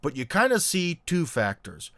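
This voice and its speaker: A man's voice: a little high, big pitch swings, normal speed, fairly bright tone, no room sound. A man from the United States hosting a casual commentary monologue, rambling and restarting as he talks. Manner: rambling, many fillers and restarts. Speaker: host.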